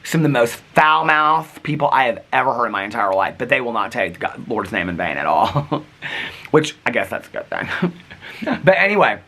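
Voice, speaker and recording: A man's voice: medium pitch, moderate pace, creaky. A man vlogging, telling a rambling story with lots of asides and quoted back-and-forth. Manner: chatty, animated, rambling with asides. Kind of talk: casual storytelling vlog.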